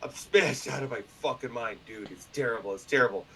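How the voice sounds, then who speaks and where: A man telling stories as a guest in a casual interview, loud, profane and animated, slipping into other people's voices. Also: medium pitch, fairly quick, poor audio. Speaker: podcast guest and publisher.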